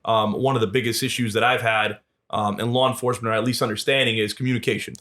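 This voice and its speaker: A man speaking at a fast, quick-fire pace in a mid-range voice. He tells his story casually and acts out the other voices with energy. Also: medium pitch. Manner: animated storyteller, acts out dialogue with swearing and laughs. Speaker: podcast guest, Marine veteran and police officer.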